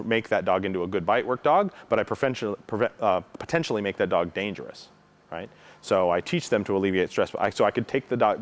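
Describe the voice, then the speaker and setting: A man explaining protection dog training to students in a casual teaching tone, often checking in with "right?" and acting out how dogs react. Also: low-pitched. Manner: frequent tag question "right?"; acts out dog reactions with his own voice.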